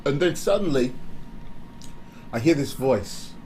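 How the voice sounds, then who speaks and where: A man giving a candid motivational talk, animated and confessional, often breaking into laughter. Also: mid-range voice, takes it slowly, a little hiss or hum, rough recording. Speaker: speaker.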